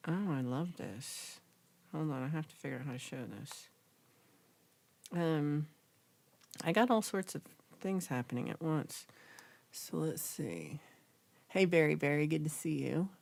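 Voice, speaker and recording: A young woman hosting a casual livestream, reading viewer comments aloud and chatting in a lively, reactive way. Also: low-pitched, measured pace, vocal fry, pauses often. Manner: chatty, reacts with gasps and laughs, animated. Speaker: livestream host reading chat.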